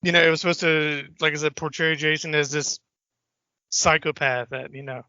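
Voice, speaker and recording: A man co-hosting a podcast in casual chat, animated and acting out film lines. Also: moderate pace, smooth, no echo. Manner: animated, acts out movie lines in a high voice. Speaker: podcast co-host. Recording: dull lo-fi podcast audio.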